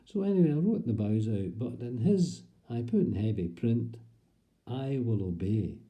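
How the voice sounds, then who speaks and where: A man's voice: medium pitch, expressive, moderate pace, dull audio, natural voice. A man in a comic monologue, playing a chatty, prim older Scottish woman with a Scottish accent. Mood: gossipy. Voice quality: gossipy, prim storyteller. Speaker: comic performer.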